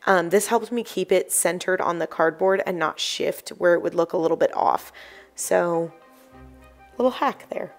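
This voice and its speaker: A young woman hosting a craft channel, talking through each step in a chatty voice-over, a little croaky from the early morning. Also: fairly low pitch, moderate pace, soft background music. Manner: chatty, explanatory, apologetic asides. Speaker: DIY crafts channel host. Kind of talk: voice-over tutorial narration.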